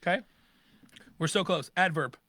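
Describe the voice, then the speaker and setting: Upbeat male co-host, fairly high voice, dry close sound, light music behind. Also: moderate pace, sharp tone, no room sound. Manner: upbeat, cheers others on. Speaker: podcast co-host. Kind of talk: casual chat, running a word game.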